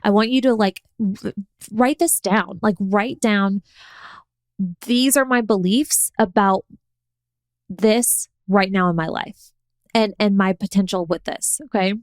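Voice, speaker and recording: A woman's voice: medium pitch, slow pace, no echo. Chatty woman podcast host, dry sound. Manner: chatty, animated, acts out her own inner voice. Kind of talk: casual coaching monologue.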